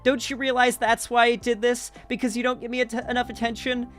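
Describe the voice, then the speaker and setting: A man mimicking a shrill whiny girlfriend. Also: completely flat delivery, fairly quick, a bit bright, soft background music. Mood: shrill indignant. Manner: mocking, exaggerated whine. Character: shrill, indignant young woman girlfriend.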